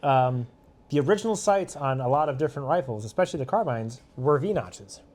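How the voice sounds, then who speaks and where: A man's voice: mid-range voice, lively intonation, a little fast, darkish tone. A young man co-hosting a casual chat outdoors in the snow, rambling and restarting his sentences, laughing now and then. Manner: rambling, self-interrupting, laughing. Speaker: co-host. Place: outdoors in snow at a shooting range.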